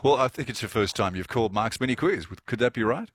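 Husky chatty radio host man. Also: mid-range voice, expressive, quick pace. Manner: chatty, rambling, self-correcting, laughs often. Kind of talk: talkback radio chat with callers. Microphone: studio microphone.

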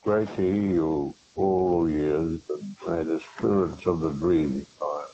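An older man calling in to a radio show, speaking slowly and giving an unhurried blessing over a muffled phone line. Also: extremely low pitch, steady tone, mellow. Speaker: caller.

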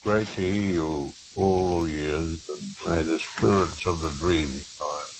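An older man with an Australian accent, calling in to a radio show and speaking slowly and gently, like a blessing. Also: low voice, fairly even intonation, noisy background. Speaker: caller. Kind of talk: radio call-in chat.

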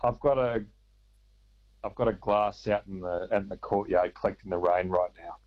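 A man's voice: fairly low pitch, normal speed. A man calling into a radio quiz, self-mocking and hesitant. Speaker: caller. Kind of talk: casual phone-in chat. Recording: dull phone line.

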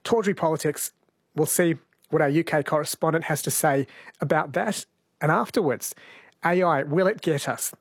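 A radio host chats and teases his co-host in a fairly high male voice. He keeps the show moving briskly. The sound is close and dry. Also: dry recording.

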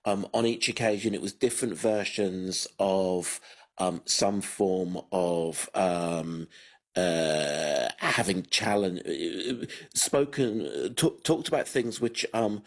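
A man with a very low, slightly husky voice, speaking as a radio guest. He chats casually and hesitantly, stopping to restart his sentences and filling pauses with "um" and "you know". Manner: hesitant, many fillers and restarts. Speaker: radio guest, media publisher.

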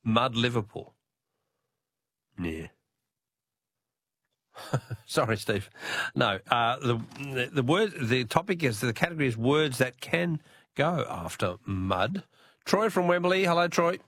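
Chatty radio quiz host. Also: male voice, mid-range voice, expressive, slow pace, pauses often, a bit bright, no room sound, clean studio sound. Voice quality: laughs often, friendly banter.

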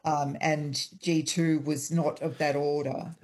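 Woman, husky voice, interview guest, measured and explanatory, remote call. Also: sits low, little pitch movement, darkish tone. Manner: measured, explanatory, frequent ums. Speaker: historian guest. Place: hotel room.

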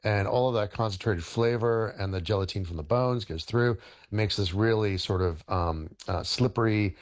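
A middle-aged man, a historian and chef, explaining cooking on radio in a halting way, with many fillers and restarts. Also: fairly low pitch.

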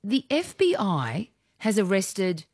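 A woman hosting a casual news chat show, a lively storyteller who laughs often. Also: medium pitch, slow pace, slightly rough, no room sound, studio quality. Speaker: radio show host.

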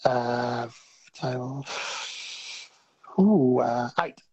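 A man calling in to a radio quiz, his voice husky. He answers in a hesitant, good-humoured way over a dull phone line. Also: medium pitch, extremely slow, darkish tone. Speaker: caller. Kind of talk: casual phone chat.

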